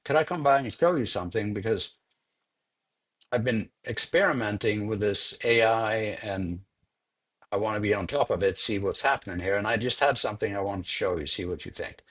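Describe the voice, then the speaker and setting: Husky older man telling a story. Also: lowish voice, fairly bright tone. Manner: unhurried, repeats words while thinking. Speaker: interviewed sound editor. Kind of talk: conversational interview storytelling.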